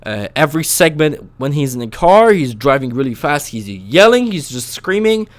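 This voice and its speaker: A young man giving a casual opinion rant as a vlogger, moving between calm, mumbled stretches and sudden loud, high bursts of yelling, and swearing freely. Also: moderate pace. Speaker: vlogger reviewing a TV show.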